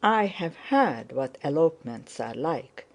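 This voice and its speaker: A woman reading the lines of a bold, scheming young male officer in a commanding, brisk manner. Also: deep voice, sing-song, gravelly, full character voice. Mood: knowing.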